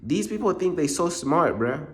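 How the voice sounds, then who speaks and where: A man's voice: on the high side, lively intonation, moderate pace, fairly bright tone. A man preaching in a casual monologue, blunt and repetitive, full of street slang.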